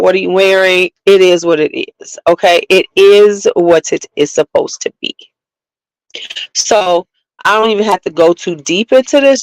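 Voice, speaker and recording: A woman's voice: medium pitch, no echo, poor audio. Chatty woman vlogger, dry close sound. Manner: chatty, animated, talks to viewers. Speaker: beauty vlogger. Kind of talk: casual livestream chat.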